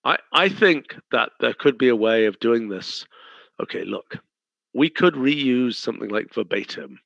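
A man with a gravelly, creaky voice leads a working meeting and thinks aloud in a direct, decisive way. His voice is dry and close, with slightly dull, muffled sound. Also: medium pitch, lively intonation, measured pace, a bit bright, dry recording. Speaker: company head leading a design meeting.

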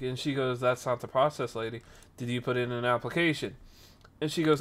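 A man's voice: medium pitch, normal speed. A young man hosting a casual stream podcast, telling a story and acting out the people in it. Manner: animated, acts out quoted people.

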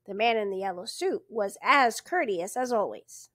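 Woman narrator reading a novel aloud, unhurried and expressive, lively pitch, dry close sound. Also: breathy edge, dry recording. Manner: slow, expressive storytelling. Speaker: storybook reader.

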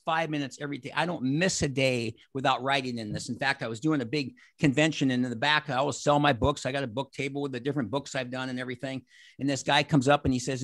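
An animated man in his sixties talks to a group over a video call. His voice sits a touch high with a gravelly edge. The sound is close and dry, with no room around it. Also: no echo. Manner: animated, acts out quoted exchanges. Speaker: motivational speaker. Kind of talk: energetic motivational talk.

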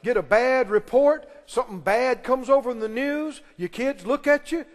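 A pastor preaching a sermon in a church, emphatic and pressing the congregation with questions and call-and-response. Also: male voice, very high voice, moderate pace. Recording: long reverb of a large hall.

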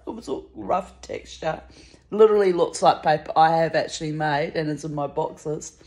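Low-voiced woman rambling through a story. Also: normal speed, darkish tone. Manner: rambling, wry, laughs mid-sentence. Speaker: vlogger. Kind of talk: casual storytelling monologue.

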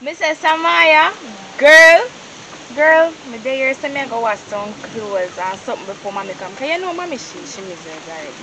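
A woman's voice: sits high, animated, fairly quick, sharp tone, slight background noise, poor audio. A woman with a Jamaican accent playing a dutiful young daughter, chatty with friends and meek with her mother.

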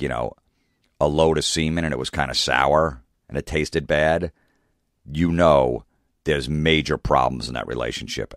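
A man's voice: a bass voice, a bit bright, no echo, studio quality. A middle-aged man hosting a podcast, ranting and swearing about couples he sees at his stand-up shows. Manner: profane, ranting, acts out hecklers in mocking voices. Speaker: comedian and podcast host. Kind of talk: casual podcast monologue.

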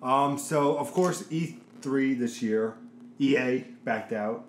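A man's voice: mid-range voice, slow pace. Rambling man in an echoey room. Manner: rambling, searching for words. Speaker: podcast co-host. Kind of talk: casual chat. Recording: echoey room, faint noise.

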